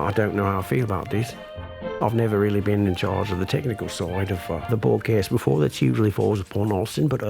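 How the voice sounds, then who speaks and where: A man's voice: medium pitch, creaky, a little mellow, natural voice. A man playing an Australian podcast host who rambles fretfully and hesitates a lot. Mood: nervous.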